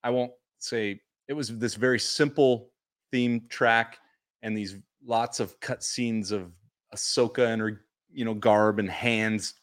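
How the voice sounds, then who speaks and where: A man co-hosting a casual podcast chat, telling stories animatedly and acting out quotes. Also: slow pace. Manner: animated storyteller, acts out quotes in high voices. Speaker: podcast co-host.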